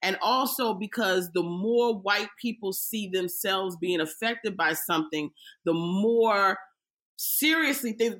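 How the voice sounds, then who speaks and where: Female comedian, bright tone, lively podcast storyteller. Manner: animated storytelling, bursts into high mock-wailing impressions. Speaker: comedian guest. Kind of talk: casual podcast chat.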